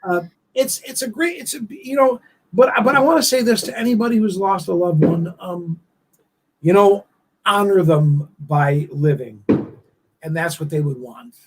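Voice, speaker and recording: A man hosting a casual live-stream chat show, rambling and emotional with many halting restarts. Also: high voice, slight background noise, low-quality recording. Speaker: host of a live online talk show.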